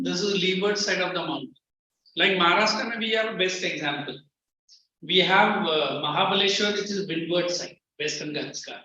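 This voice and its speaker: Indian English male teacher, high bright voice, code-switches to Hindi, brisk and firm. Distant, muffled, very echoey classroom sound with faint hiss. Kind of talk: classroom lecture.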